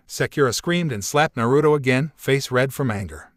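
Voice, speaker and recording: A man's voice: medium pitch, animated, fairly quick, hardly any pauses, dry recording, clean studio sound. Man narrating a fan-fiction story. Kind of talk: fan-fiction audiobook reading.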